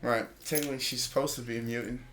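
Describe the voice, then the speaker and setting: A man co-hosting a podcast in casual chat, an animated storyteller who laughs and swears. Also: medium pitch, quick pace. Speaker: podcast co-host.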